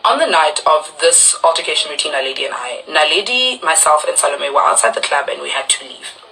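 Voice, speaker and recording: Animated young woman recounting. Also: sits low, brisk, creaky, a little hiss or hum, low-quality recording. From South Africa. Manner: animated storytelling, acting out quoted voices. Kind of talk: recounting a personal dispute.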